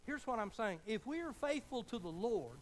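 A man's voice: high-pitched, very animated, moderate pace, a little hiss or hum, rough recording. A man preaching a sermon, telling a folksy story as pastor and building to fervent appeals.

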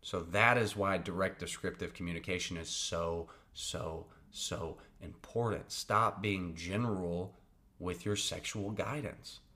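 A man's voice: sits low, steady tone, unhurried, sharp tone. A man hosting a podcast, giving casual advice in a blunt, profane, emphatic way and often checking in with his listeners. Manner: conversational, checks in with "right?" and "okay?". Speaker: podcast host.

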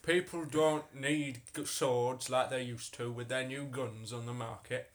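Brief: man voicing a northern village blacksmith, gruff, rambling. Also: medium pitch, steady tone, a little slow, voice pushed down, natural voice. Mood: grumbling. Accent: northern English.

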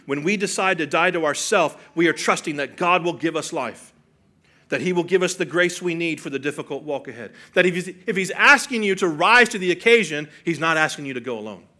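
A man preaching a sermon, earnest and full of rhetorical questions, swinging from hushed and soft to loud and emphatic. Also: fairly high pitch, animated, fairly quick. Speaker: pastor.

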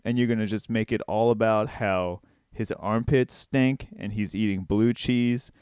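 A man's voice: fairly low pitch, steady tone, unhurried, a little mellow, smooth, no echo, studio quality. A man chatting casually on a comedy podcast, laughing often and swearing freely.

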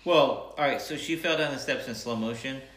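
A man in his thirties casually retelling a story, playful and animated, acting out what people said. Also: mid-range voice, moderate pace. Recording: echoey room.

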